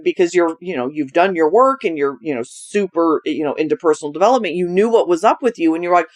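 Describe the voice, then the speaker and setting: A middle-aged woman hosting a podcast, talking candidly and bluntly with a friend, swearing casually and breaking into animated asides. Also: lowish voice, quick pace. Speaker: podcast host. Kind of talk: candid conversational chat.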